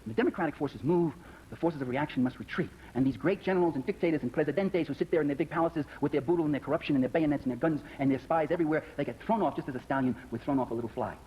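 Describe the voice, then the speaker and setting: Fast-talking man giving an animated speech. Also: a little high. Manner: animated storytelling, emphatic. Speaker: lecturer. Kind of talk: public speech with questions. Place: lecture hall. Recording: dull lo-fi recording with faint hiss.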